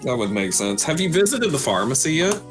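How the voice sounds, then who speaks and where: A man co-hosting a game stream, offering unhurried, curious suggestions in casual chat. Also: medium pitch, big pitch swings, music in the background.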